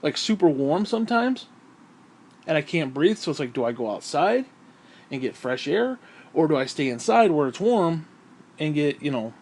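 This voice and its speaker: A man's voice: a little high, very animated, normal speed, a little mellow. A man talking through a profane, rambling vlog monologue, short of breath and sighing often. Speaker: vlogger.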